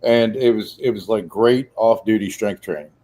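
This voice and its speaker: A man in his forties telling an animated anecdote in casual chat. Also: lowish voice, moderate pace, rough recording.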